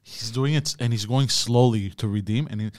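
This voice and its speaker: A man chatting casually on a podcast, excitable and quick to act out the stories he retells. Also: mid-range voice, dry recording. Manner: excitable, acts out shrieking quotes. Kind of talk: casual chat.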